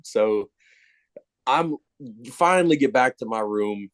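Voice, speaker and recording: Swearing, animated male storyteller, dry sound. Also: mid-range voice, slow pace, no room sound. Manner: profane, animated, self-mocking. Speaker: podcast guest. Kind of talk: casual storytelling.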